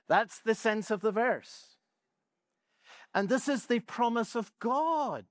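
A man preaching a sermon, with measured delivery and emphatic repetition that lingers over key phrases. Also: extremely high pitch, expressive, dry recording, clean studio sound.

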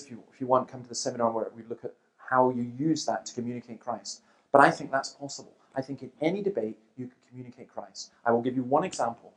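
A middle-aged man speaking to a church audience, telling stories with quoted exchanges and asides. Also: mid-range voice. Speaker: Christian speaker.

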